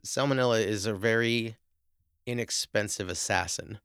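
A woman's voice: rumbling low, expressive, moderate pace, vocal fry, fairly bright tone, slight background noise. A woman co-hosting a casual podcast, tossing in dry, joking asides. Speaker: podcast co-host. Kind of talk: casual chat.

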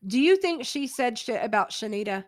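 A woman's voice: on the high side, very animated, brisk. Woman, podcast co-host, casual chat, agreeable, laughs easily, frequent affirmations. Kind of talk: casual reality-TV recap chat.

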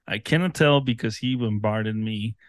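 A man's voice: lowish voice, normal speed, no echo, clean studio sound. Blunt male podcast co-host. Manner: blunt, swears, laughs often. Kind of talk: casual chat.

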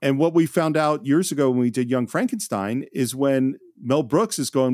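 A man's voice: medium pitch, animated, normal speed, hardly any pauses, a little mellow, dry recording, studio quality. A man hosting a podcast, chatting enthusiastically as he recaps an old film. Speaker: podcast host. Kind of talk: casual film discussion.

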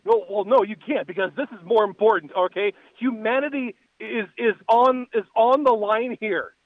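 A man phones in as part of a comic bit, posing as a frantic time traveler fleeing a future war and begging urgently. His high-sitting voice moves at a moderate pace, dry but tinny over the phone line.

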